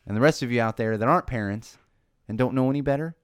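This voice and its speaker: A man in his thirties hosting a casual chat show, telling stories in a lively way and building to a passionate point. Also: medium pitch, fast talker, clear, resonant tone, no echo, studio quality. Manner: animated storytelling, rising to passionate emphasis. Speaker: podcast host.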